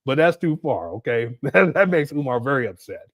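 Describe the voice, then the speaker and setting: A man's voice: medium pitch, very animated, moderate pace, hardly any pauses, dry recording, clean studio sound. A man hosting a casual livestream, laughing often and reading out viewer messages. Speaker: livestream host.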